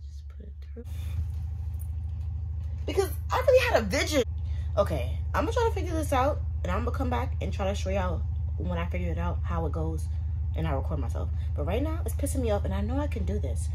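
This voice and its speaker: A woman's voice: medium pitch, slight background noise. A young woman vlogging casually at home as she does her hair, chatting to her viewers in a slangy, direct way while filming on a propped-up phone. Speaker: beauty vlogger. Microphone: phone propped up nearby.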